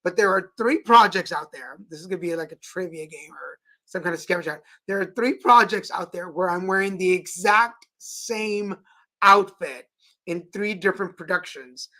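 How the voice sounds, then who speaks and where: Bright, animated host man. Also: high-pitched, moderate pace. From Texas. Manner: animated, playful storyteller. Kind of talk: casual live-stream chat.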